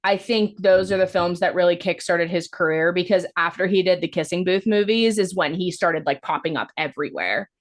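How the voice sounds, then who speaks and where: A woman's voice: fairly low pitch, fairly quick, few pauses. A woman co-hosting a podcast, recapping a film in a casual, rambling way, full of "like" fillers and the odd swear word. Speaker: podcast co-host. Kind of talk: casual movie-review chat.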